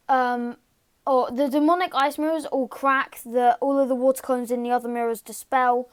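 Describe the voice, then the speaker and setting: A woman casually retelling a fan story in a rambling, halting way, full of fillers and restarts. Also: sits high, clean tone.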